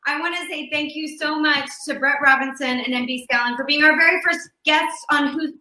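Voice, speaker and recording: A woman hosting a casual web show, telling old dirty jokes with a lively, animated delivery. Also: sits high, brisk. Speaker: host. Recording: echoey room.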